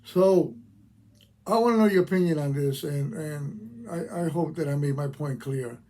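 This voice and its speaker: An older veteran addresses his channel in an impassioned opinion rant, emphatic and repetitive. He talks at a moderate pace with lively intonation, in a dark, slightly high voice.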